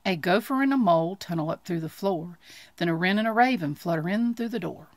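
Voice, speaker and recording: A woman reading a children's storybook aloud, expressive and full of sound effects, on a close mic. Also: on the low side, a little fast, dry recording. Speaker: storybook reader.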